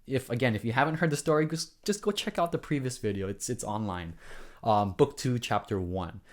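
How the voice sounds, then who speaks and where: Hawaiian guy vlogging, earnest rambling storytelling, keeps restarting, medium pitch voice. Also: a little fast. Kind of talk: casual storytelling vlog.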